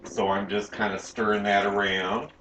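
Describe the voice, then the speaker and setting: A man's voice: on the low side, flat delivery, normal speed, sharp tone, roomy sound. A man playing a sassy, campy woman home cook who hosts a comic cooking show from a home kitchen and teases the audience as she goes. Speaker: cooking show host character.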